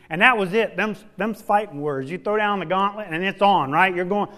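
At normal speed, a man preaches folksily, moving from emphatic, loud passages to soft, low ones and stretching out key words for weight.

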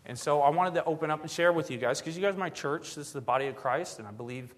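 A man's voice: a little high, quick pace. Chatty male pastor preaching. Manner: conversational, digressive, swings between loud and hushed. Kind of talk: sermon.

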